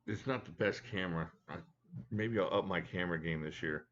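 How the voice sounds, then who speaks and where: A low-voiced man with a drawl chats loosely on a home live stream, greeting viewers by name and cracking jokes. The audio is a bit dull and lo-fi. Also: fairly quick, fairly bright tone. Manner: chatty, joking, talks to viewers by name. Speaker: live stream host reviewing knives. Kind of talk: casual live chat reading viewer comments. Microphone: desk mic at a home setup.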